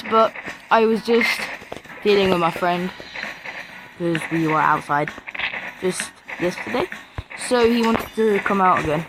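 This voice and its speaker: A woman records casual gameplay commentary, talking freely and getting excited as the action builds. She cheers her units along in a loose, chatty way. Game music plays clearly behind her voice. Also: fairly low pitch, normal speed, long pauses, poor audio. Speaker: gaming video creator.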